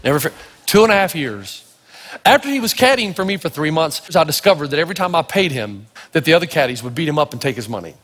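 A man preaching a sermon in a large echoing hall, his high voice leaping up and down as he tells stories. He acts out the people in them and shouts the big moments. He is a pastor from Tennessee. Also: very animated, fast. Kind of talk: sermon with storytelling.

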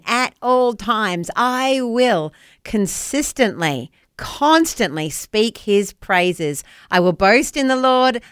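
A bubbly New Zealand woman co-hosting breakfast radio, her fairly high voice leaping up and down with expression. She laughs easily, and the sound is dry and close to the mic. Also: smooth, no room sound. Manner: bubbly, laughs often, warm devotional reading. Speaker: radio breakfast show co-host. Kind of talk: casual radio banter. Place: radio studio.

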